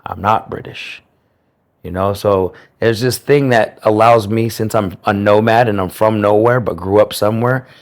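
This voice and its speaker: Man with a low voice and crisp enunciation. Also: fairly even intonation, moderate pace. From United States. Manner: careful, clear enunciation; reflective, earnest. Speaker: interviewee. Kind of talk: personal storytelling.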